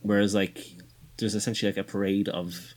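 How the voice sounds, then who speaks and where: Fast-talking man with a lowish voice, casual podcast co-host. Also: level tone. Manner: chatty, lots of fillers. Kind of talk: casual chat.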